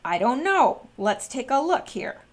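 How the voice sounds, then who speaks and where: A woman's voice: high-pitched, very animated, a little slow. A woman vlogger talking casually and earnestly to her viewers, with frequent fillers and restarts. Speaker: vlogger commenting on politics. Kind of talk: casual spoken commentary to viewers.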